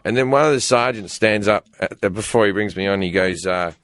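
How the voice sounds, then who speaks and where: A man telling a long comic story on a podcast in a rambling, animated way, restarting his sentences often. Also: lowish voice, fairly quick, no echo, clean studio sound. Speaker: guest comedian.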